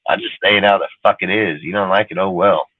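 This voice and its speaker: A man's voice: sits low, fairly even intonation, quick pace, no room sound. Blunt, profane man ranting over a phone line. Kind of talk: casual podcast rant. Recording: dry phone-line sound.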